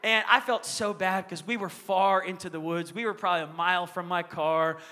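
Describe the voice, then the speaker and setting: A middle-aged man preaching from a church stage, his voice high and bright. He leans into emphatic call-and-response lines, and the long reverb of the sanctuary trails behind each phrase. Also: brisk. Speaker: pastor. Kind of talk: sermon.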